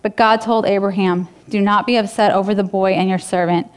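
A woman's voice: mid-range voice, fairly even intonation, brisk, clear, resonant tone. Female pastor, casual sermon delivery, clean resonant voice. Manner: casual, conversational preaching with fillers.

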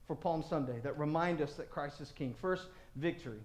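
A man preaching a sermon as pastor, animated and acting out voices of crowds and of God. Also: fairly high pitch, moderate pace, hardly any pauses, echoey room.

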